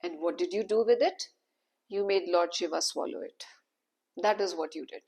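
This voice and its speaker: A woman's voice: mid-range voice, moderate pace, vocal fry, darkish tone, husky. A woman voicing a proud male sage who turns bitter and accusing in a storybook tale.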